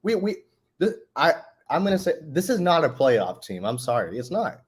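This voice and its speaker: Lively frustrated man venting. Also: on the high side, moderate pace, slightly rough. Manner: frustrated, hedging with fillers. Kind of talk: casual sports talk.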